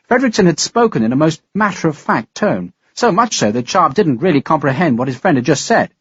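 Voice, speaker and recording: A man narrating a historical audiobook in a measured, dramatic reading style. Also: fairly high pitch, sing-song, husky, no echo, lo-fi sound. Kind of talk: scripted narration.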